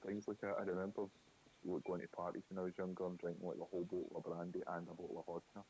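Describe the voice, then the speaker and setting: A very low-voiced man with a Scottish accent chats loosely on a live stream, looping through stories full of fillers and restarts. A faint hiss sits under the voice. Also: monotone, rapid-fire, a little mellow, poor audio. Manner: rambling anecdotes with lots of fillers and laughs. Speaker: co-host of a live drawing stream. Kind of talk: casual chat.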